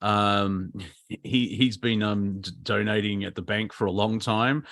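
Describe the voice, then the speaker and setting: A man's voice: on the low side, fairly even intonation, a little slow, vocal fry, a bit bright. A man co-hosting a casual comedy chat over a video call, rambling, swearing and laughing at his own jokes. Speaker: co-host.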